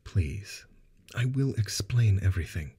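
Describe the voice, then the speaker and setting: A man's voice: on the low side, lively intonation, a little slow, mellow, slightly rough, pitched above the performer's own voice, exaggerated voice. A man voicing an older, commanding male scientist with a grave, buttery, regal delivery.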